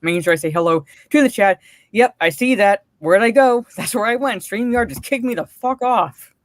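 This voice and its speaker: A woman's voice: medium pitch, normal speed, no room sound, studio quality. A woman co-hosting a live stream, ranting and cursing, then greeting viewers in the chat one by one.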